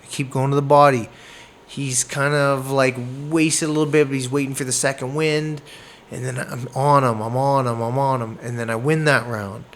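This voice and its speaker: A man from Canada, a boxer, telling a fight story in a casual interview, animated and acting out moments with sound words. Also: mid-range voice, normal speed, slight background noise. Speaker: boxer guest.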